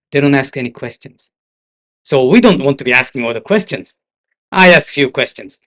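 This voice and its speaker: A man's voice: medium pitch, expressive, moderate pace, fairly bright tone. An older man with a Japanese accent, an interpreter giving a seminar talk full of anecdotes, sometimes slipping into Japanese asides. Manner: storytelling, switches into Japanese asides. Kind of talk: anecdotal lecture.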